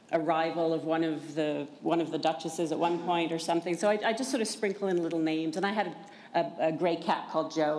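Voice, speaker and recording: A woman novelist on a panel, speaking hesitantly with many pauses. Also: low voice, a little mellow. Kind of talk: casual panel talk. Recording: echoey room, faint noise.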